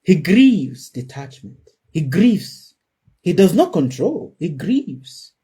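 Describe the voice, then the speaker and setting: A man's voice: a little high, very animated, slow, dark tone, breathy edge. A man giving an emphatic spiritual sermon to a live audience, repeating his key phrases for effect. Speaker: spiritual teacher.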